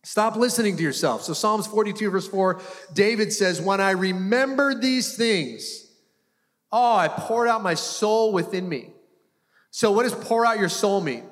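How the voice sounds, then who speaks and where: A man's voice: high voice, animated, measured pace. A male pastor preaching a sermon to a congregation, talking conversationally and often repeating and restarting phrases. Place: church hall before a congregation. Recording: long hall reverb.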